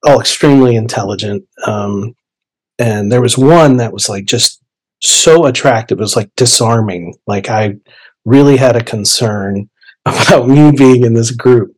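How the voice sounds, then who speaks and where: A young man casually telling a personal story, animated and chatty, acting out his own inner dialogue. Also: mid-range voice, a little slow, low-quality recording. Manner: animated, conversational, lots of fillers and quoted inner dialogue. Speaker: podcast guest storyteller.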